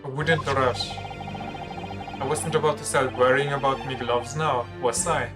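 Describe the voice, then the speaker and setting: A man doing a slow folksy defendant. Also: medium pitch, fairly even intonation, over music, close to an everyday voice. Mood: defensive. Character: rough working-class male defendant, older, folksy.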